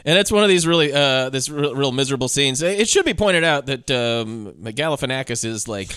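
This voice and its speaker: A man co-hosting a casual movie podcast, animated and retelling scenes. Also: brisk, smooth, no room sound, clean studio sound. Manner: animated, acts out movie scenes in high shrieks. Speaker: podcast co-host.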